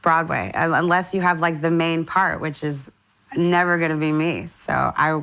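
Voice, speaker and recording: Young woman, St. Louis-raised singer, deep register, enthusiastic interview guest. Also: moderate pace, vocal fry, clean tone. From St. Louis, USA. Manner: enthusiastic, animated storytelling with laughs. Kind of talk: casual interview chat.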